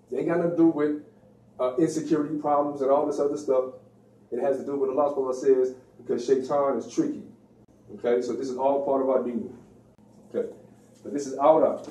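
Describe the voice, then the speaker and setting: A man's voice: mid-range voice, dark tone. A man giving an informal religious lecture in a preachy, slangy way, acting out the voices he quotes. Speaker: religious speaker. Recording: echoey room, distant mic.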